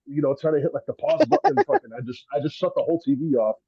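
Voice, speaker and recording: Laid-back husky man, rambling. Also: fairly high pitch, wildly swooping pitch, very fast, warm tone, no echo, dull audio. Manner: rambling, laughing storyteller, heavy swearing. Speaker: podcast guest, rapper. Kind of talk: casual chat.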